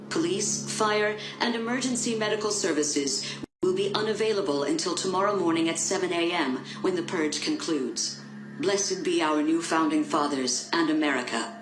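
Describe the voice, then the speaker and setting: An actress playing a calm, formal government emergency broadcast announcer speaking in a measured, solemn tone. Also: female voice, on the low side, lightly acted. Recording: echoey broadcast with music behind.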